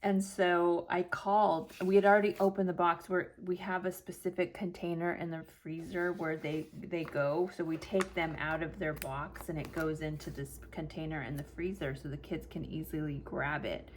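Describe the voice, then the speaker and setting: A lower-voiced middle-aged woman talks in a chatty, animated way, acting out the voices in her own story. She is recorded on a desk camera mic at home, with a faint hum of room noise behind her. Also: moderate pace, hardly any pauses. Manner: animated, acts out quotes with laughter. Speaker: planner vlogger. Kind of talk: chatty storytelling while decorating a planner.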